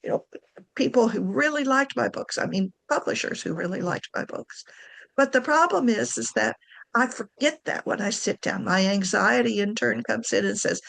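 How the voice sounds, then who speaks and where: A woman's voice: on the high side, moderate pace, vocal fry, a bit bright. A woman giving a casual talk on writing to camera, chatty, correcting herself and laughing often. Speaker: writing coach.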